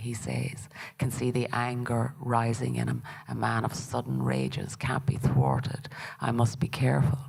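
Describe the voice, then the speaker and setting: A woman playwright giving a measured, steady dramatic reading of her own work. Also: rumbling low, vocal fry, husky, low-quality recording.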